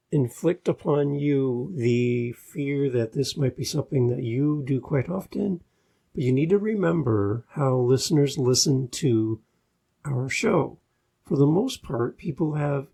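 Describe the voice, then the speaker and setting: Podcast guy giving advice up close on the mic, gravelly and mellow, keeps restarting his sentences. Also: on the high side. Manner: measured, with frequent restarts and fillers. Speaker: podcast host.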